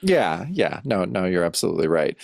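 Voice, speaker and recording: A man with a very lively, swooping voice who recaps a comic issue on a podcast and jumps into the characters' lines as he goes. His voice sits in a middle pitch, recorded dry and close. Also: fairly quick, creaky, dry recording. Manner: animated retelling, acts out the characters' lines. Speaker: podcast co-host. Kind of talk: casual comic-book podcast chat, retelling a story.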